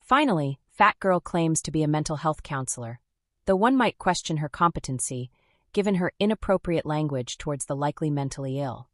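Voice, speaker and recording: A woman reading scripted documentary narration in a measured, wry, dry manner. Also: sits low, lively intonation, a bit bright, dry recording. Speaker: commentary narrator.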